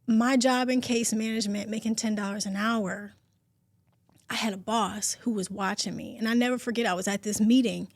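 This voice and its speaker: A woman in her forties co-hosting a podcast, talking in a heartfelt, open, expressive way. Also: mid-range voice, normal speed, no room sound, studio quality. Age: 40s. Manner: heartfelt and expressive, talks openly and at length. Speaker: podcast co-host. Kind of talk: casual podcast chat.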